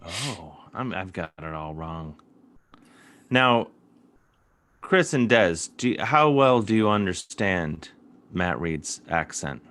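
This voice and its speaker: A male host with a low voice swoops up and down as he teases and questions his guest. He keeps the chat loose and playful. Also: lively intonation, slow, pauses often, a bit bright. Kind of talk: casual chat.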